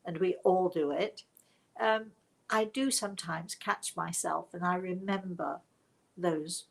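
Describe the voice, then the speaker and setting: A woman's voice: fairly low pitch, fairly even intonation, slow, creaky, rough recording. A British woman, a spiritual medium, telling stories to a livestream audience in a reflective, self-mocking way. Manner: reflective and warm storytelling, with self-mocking laughs. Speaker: spiritual medium hosting a live show.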